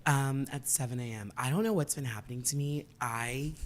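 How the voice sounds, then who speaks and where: A woman co-hosting a podcast in casual chat, recounting her morning in a deadpan, matter-of-fact way. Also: rumbling low, moderate pace, a little hiss or hum. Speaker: podcast co-host.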